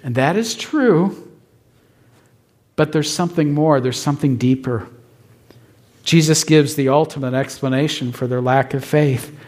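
A man's voice: a little high, measured pace, pauses often, darkish tone. A male pastor preaching a sermon with emphatic repetition, often checking in with his listeners. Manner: emphatic, asks the congregation "right?".

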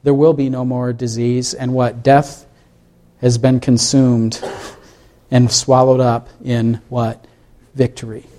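This pastor speaks in a mid-range voice, slowly, with a level and warm tone. During his sermon he reads scripture aloud and asks the congregation questions while explaining it.

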